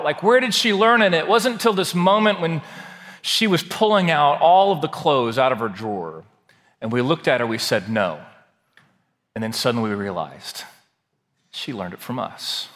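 A man pastor reading scripture dramatically and then preaching a sermon, slowing down for emphasis. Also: medium pitch, a bit bright. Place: large church sanctuary. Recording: long hall reverb.

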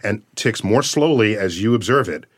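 Man, science guest, lively explainer with big theatrical emphasis. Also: lowish voice, moderate pace, slightly rough. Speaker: astrophysicist guest. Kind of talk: casual conversation.

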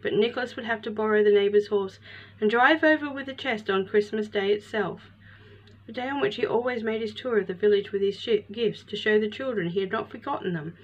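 A woman storyteller giving an expressive, measured storybook narration as host of her show. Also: on the high side. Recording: slightly muffled with faint hiss.

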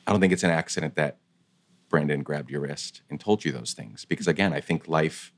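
A man hosting an interview, reflecting on his guest's story in a thoughtful, measured way with pauses. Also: a bass voice, gravelly.

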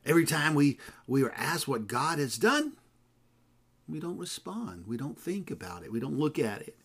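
A man preaching a sermon in a conversational, digressive way, full of fillers and asides, swinging from loud emphasis to hushed lines. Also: medium pitch, very animated, normal speed, husky.

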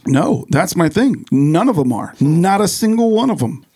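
A man's voice: on the high side, very animated, moderate pace, a crowd in the background. A man co-hosting a casual podcast chat, telling stories in a rambling way with restarts. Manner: rambling storyteller, many fillers and restarts. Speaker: podcast co-host.

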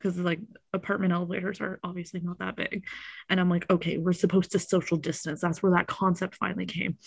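A woman's voice: on the low side, quick pace, gravelly, slightly rough, no room sound. A woman telling a story in casual chat, acting out the people in it and swearing freely. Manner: animated, acts out quotes, swears often.

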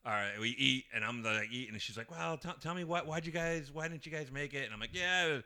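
Bright-voiced man telling a date story. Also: mid-range voice, brisk, clean tone. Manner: animated storyteller who acts out quotes and laughs often. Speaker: podcast guest telling a story. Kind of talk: casual podcast storytelling.

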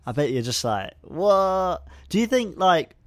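A man's voice: a little high, very animated, brisk, no echo. A man interviewing a guest in a casual, loose way, filling his questions with lots of "like". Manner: loose, fills talk with "like".

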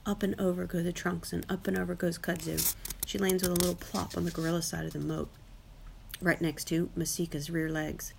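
A woman narrating a children's audiobook in a lively, wry first-person style, giving each character a voice. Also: fairly low pitch, fairly quick, gravelly, slight background noise. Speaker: audiobook reader.

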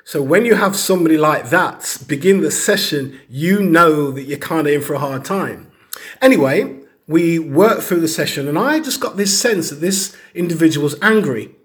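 A man's voice: fairly high pitch, expressive, normal speed, a bit bright. Earnest man telling stories. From Caribbean heritage. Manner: earnest, storytelling, acts out quoted people. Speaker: speaker on grief and bereavement. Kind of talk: teaching talk with personal stories.

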